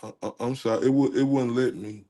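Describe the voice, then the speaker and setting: A man's voice: mid-range voice, steady tone, brisk, dark tone. A man from Texas, chatting casually on his livestream, joking and laughing at himself. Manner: laughs at himself, breaks into singing. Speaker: livestream host.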